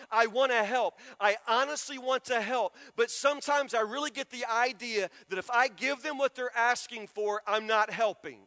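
A male pastor delivers a sermon with a high, bright voice. He hammers key words through repetition, then lets them sink into soft, low emphasis. His voice rings with the long reverb of a church sanctuary.

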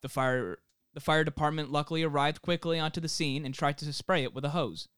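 This young man's voice is fairly high, fairly bright, clear, and resonant, with fairly even intonation and a slightly quick pace, recorded clean with no room sound. Co-hosting a podcast from home during self-isolation, he presents a story from researched notes, reading steadily but breaking into laughing jokes.

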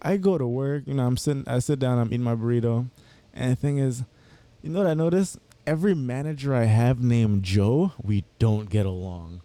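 Very dark-voiced young man telling stories. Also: mid-range voice, fairly quick. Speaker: podcast co-host. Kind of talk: casual chat.

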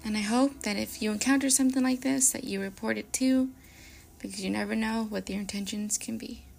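A young woman hosts a podcast, reading creepy stories aloud with dramatic pacing and hushed turns. Her voice sits fairly high with a gravelly fry. Soft music plays faintly behind her. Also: brisk. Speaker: podcast host.

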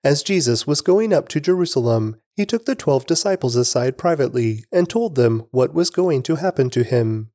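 A man narrating a scripture reading in a steady, measured way. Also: mid-range voice, dry recording, studio quality.

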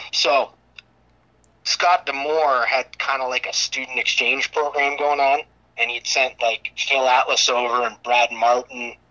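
A man's voice: mid-range voice, fairly even intonation, measured pace, sharp tone, low-quality recording. A man in his thirties, a wrestler guest, telling stories in loose casual chat with casual swearing.

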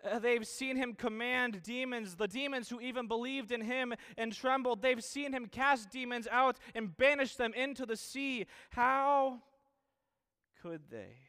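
A man preaching a sermon, earnest, asking the same questions again and again with pauses and restarts. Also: extremely high pitch, bright, forceful tone, clean tone.

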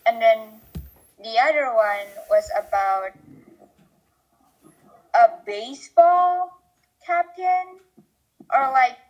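Teen girl, slow chatty talker, bit high voice, on a video call. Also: low-quality recording. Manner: chatty, lots of likes. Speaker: student presenting a book. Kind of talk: casual video-call chat.

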